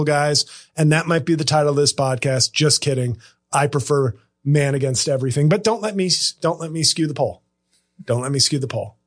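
A man's voice: on the high side, a bit bright. A comedian hosting his podcast, riffing sarcastically and rambling through hot takes. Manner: sarcastic, rambling, bursts into impressions.

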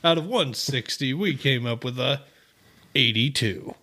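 A man's voice: medium pitch, animated, measured pace, pushed and bright, slight background noise. A man hosting a podcast, chatting casually and teasing his friends with jokes. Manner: joking, teasing banter. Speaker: podcast host. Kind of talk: casual chat.

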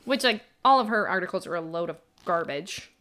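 A woman's voice: on the low side, expressive, brisk, bright, forceful tone, a little hiss or hum. A young woman co-hosting a podcast, chatting casually about a book, full of "like"s and laughing as she retells scenes. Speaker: podcast co-host.

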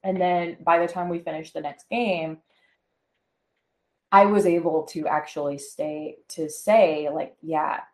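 A woman's voice: low voice, steady tone, measured pace, a little mellow. A woman co-hosting a podcast in casual personal chat, candid and rambling, full of "like" and "you know", recorded at home. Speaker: podcast co-host. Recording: echoey room.

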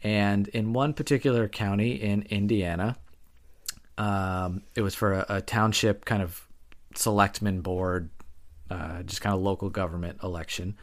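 A man's voice: lowish voice, steady tone, measured pace. A young man co-hosting a podcast in casual chat, explaining at length while hedging and correcting himself. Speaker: podcast co-host.

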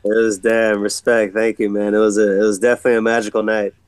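A man's voice: fairly low pitch, little pitch movement, fast talker, clear, resonant tone, dry recording. A man in his thirties from San Diego, telling stories in a laid-back, slangy way with lots of swearing, as a podcast guest. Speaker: podcast guest, pro skateboarder. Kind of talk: casual storytelling chat.

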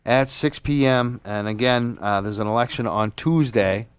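A man hosting a radio talk show, chatting loosely and excitably with a slight lisp. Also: mid-range voice, moderate pace, smooth, no room sound. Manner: loose, excitable and self-deprecating. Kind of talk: casual radio chat. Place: radio studio. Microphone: studio microphone.

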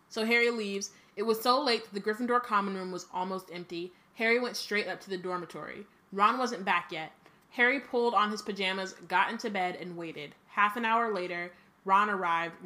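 Bright-voiced, giggly woman. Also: lowish voice. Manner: giggly, playfully sarcastic. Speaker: co-host. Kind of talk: casual chat and reading a book aloud.

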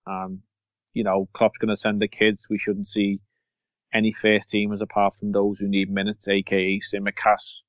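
A man's voice: fairly low pitch, completely flat delivery, normal speed, no echo. A man co-hosting a casual football podcast, rambling with fillers and restarts. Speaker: podcast co-host. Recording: dull lo-fi sound.

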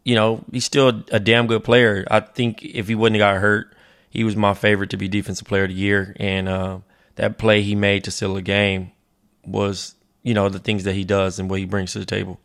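A man's voice: fairly low pitch, little pitch movement, normal speed, creaky, a bit bright. A man co-hosting a sports show as the analyst, laid-back and blunt, with frequent "you know" fillers. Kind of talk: casual sports talk.

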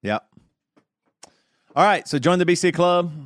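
A man's voice: sits high, expressive. A man with a Southern US accent hosting a podcast, talking in a playful, jokey way. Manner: playful, jokey, quick to do voices. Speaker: podcast host. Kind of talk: casual podcast chat.

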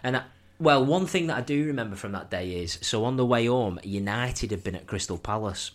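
A man's voice: mid-range voice, animated, a little fast. A young man, co-hosting a podcast and telling rowdy, laughing football stories, saying "were" for "was". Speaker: podcast co-host. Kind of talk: casual chat.

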